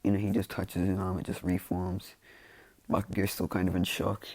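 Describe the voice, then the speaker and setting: Casual storyteller, man, low and gravelly, rambling with endless fillers. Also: level tone, normal speed, a little mellow, dry recording. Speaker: fan storyteller.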